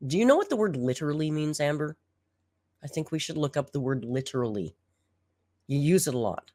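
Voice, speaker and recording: A woman with a low voice and a slight hoarseness comments on a video she is reacting to. Her tone stays sarcastic and dry. The sound is close and dry, with no room around it. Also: expressive, brisk, mellow, no echo. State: slightly hoarse after being sick. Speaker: reaction channel host.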